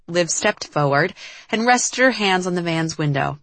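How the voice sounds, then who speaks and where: A woman narrating a novel as an audiobook reader in a measured, even storytelling manner. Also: on the low side, no room sound. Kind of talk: scripted narration.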